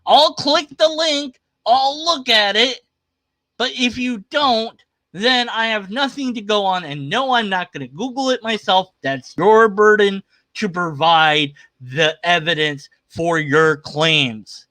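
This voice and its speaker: A man's voice: sits high, slow, pushed and bright, dry recording. A man hosting a livestream, giving casual, skeptical commentary on a video in a rambling, argumentative way. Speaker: livestream host reacting to a video.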